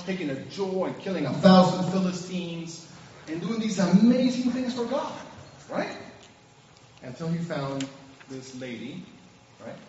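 A man preaching a sermon, telling the story with animated asides and acting out the characters. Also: sits high, a little hiss or hum. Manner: animated storytelling, acts out scenes. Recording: echoey hall, distant, dull.

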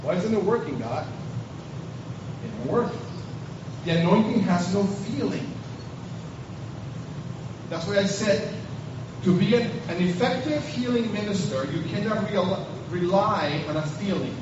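A man preaching a sermon, telling the story with animated asides and acting out the characters. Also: high-pitched, measured pace, pauses often, noisy background. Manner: animated storytelling, acts out scenes. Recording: echoey hall, distant, dull.

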